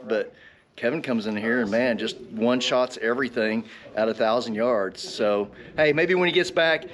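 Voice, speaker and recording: A man's voice: medium pitch, a bit bright. A man hosting a casual outdoor hunting vlog, chatting in a folksy way and laughing often. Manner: folksy, laughs often, drops to a whisper in the blind. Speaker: host.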